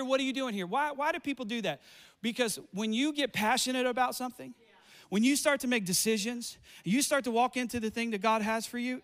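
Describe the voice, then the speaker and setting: A man preaching a fiery sermon, repeating lines and building up to shouts. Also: sits high.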